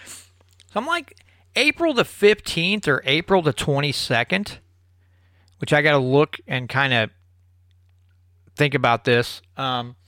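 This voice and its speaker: A man's voice: on the high side, expressive, takes it slowly, pauses often, bright, forceful tone, dry recording, clean studio sound. A man hosting his own live stream show, rambling through closing announcements with many fillers and restarts. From Missouri. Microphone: own microphone at a desk.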